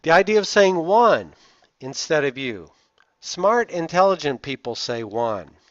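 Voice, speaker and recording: A man's voice: a little high, big pitch swings, unhurried, no room sound. A man from the Southern United States with a Southern accent, lecturing over slides with emphatic stress on key words and frequent "uh" fillers. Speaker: instructor. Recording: dull, dry lo-fi sound.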